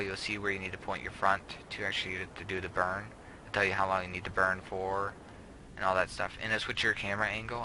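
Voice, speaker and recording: A man's voice: sits low, sharp tone, slight background noise, rough recording. A young man giving casual, rambling gameplay commentary, often trailing off and putting himself down. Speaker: gameplay video host.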